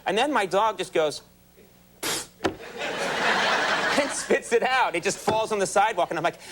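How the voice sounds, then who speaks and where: A man hosting a late-night talk show. He tells a comic story with animated delivery and acts out the voices of the people in it. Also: sits high, measured pace, very noisy. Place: television studio.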